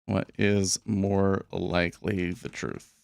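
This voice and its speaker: A man's voice: deep voice, level tone, slow, creaky, darkish tone, smooth, dry recording, clean studio sound. A man hosting a live day trading stream, thinking aloud and rambling in a casual, self-deprecating way. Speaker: day trading livestream host. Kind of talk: live market commentary.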